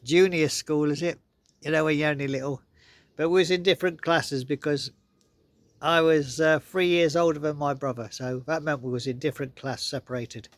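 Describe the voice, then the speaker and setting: A man's voice: fairly high pitch, steady tone, moderate pace, dry recording. A man casually telling childhood stories to his viewers, rambling and chuckling often. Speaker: vlogger. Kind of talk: casual storytelling.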